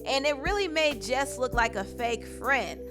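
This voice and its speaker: Woman host narrating gossip with a knowing edge, slightly high voice, music under her. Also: expressive, unhurried. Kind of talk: scripted gossip commentary.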